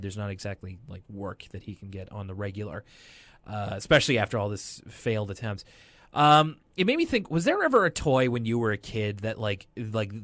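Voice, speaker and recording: A young adult man co-hosting a podcast, recapping a cartoon episode in a rambling, animated way with lots of fillers. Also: fairly low pitch, no echo. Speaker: podcast co-host. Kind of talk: casual chat recapping a cartoon.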